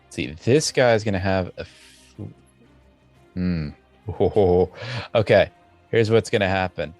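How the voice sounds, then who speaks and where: Man, game master, low-pitched, slow, halting narration. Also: darkish tone, faint music behind. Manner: halting, many fillers and restarts.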